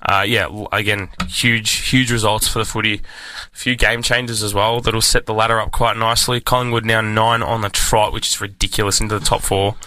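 A young Australian man co-hosting a casual sports radio show in a studio, teasing and relaxed. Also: fairly low pitch, fairly quick, few pauses, dry recording. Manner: relaxed, teasing banter with fillers. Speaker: co-host.

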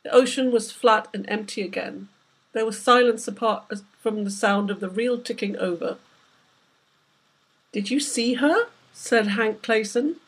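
A woman, the author, reading aloud from her novel in steady, measured narration. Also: medium pitch, poor audio. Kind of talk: book reading.

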